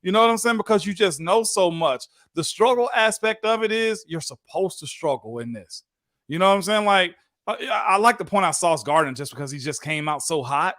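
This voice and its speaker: A man co-hosting a casual sports talk show as a former pro football lineman, talking in an animated, folksy way. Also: high-pitched, brisk, no room sound, clean studio sound. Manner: animated, folksy, repeats "you know what I'm saying".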